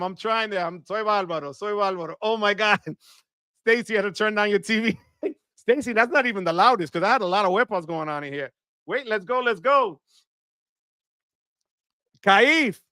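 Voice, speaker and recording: Male live stream host, high and bright-toned, dry close sound, energetic shout-outs to viewers. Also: clear, resonant tone, no echo. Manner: enthusiastic, shouts "wepa" often.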